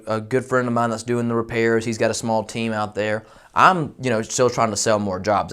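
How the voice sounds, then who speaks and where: A roofing company owner, telling a personal story in a candid, animated, self-deprecating way. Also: male voice, medium pitch. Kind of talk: casual storytelling.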